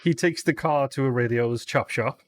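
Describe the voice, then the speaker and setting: A man's voice: mid-range voice, moderate pace. Eager man co-hosting a film podcast. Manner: eager explainer, acts out quoted lines. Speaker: podcast co-host. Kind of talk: casual film discussion.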